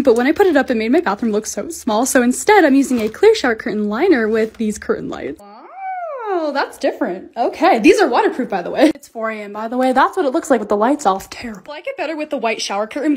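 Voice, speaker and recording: High, fast, lively young woman vlogger. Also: husky. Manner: chatty and excitable, quick asides. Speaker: lifestyle vlogger. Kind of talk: voice-over narrating home organizing videos.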